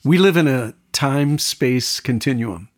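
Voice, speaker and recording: A man, a pastor, explaining Bible passages in relaxed conversation, retelling stories and quoting lines with animated delivery. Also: mid-range voice, a little slow. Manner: animated storytelling with quoted voices, frequent restarts.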